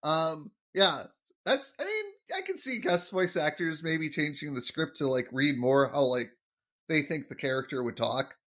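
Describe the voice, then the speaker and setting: Rambling young man with a higher voice. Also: expressive, moderate pace, fairly bright tone. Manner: rambling, with frequent fillers and laughs. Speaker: podcast host. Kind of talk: casual chat recapping an episode.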